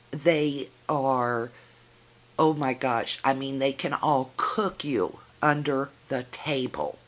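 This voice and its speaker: A middle-aged woman with a drawl talks straight to her viewers in a casual vlog. Her voice sits low and she takes her time, chatty and teasing in a folksy way. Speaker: video blogger. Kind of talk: casual vlog talking to camera.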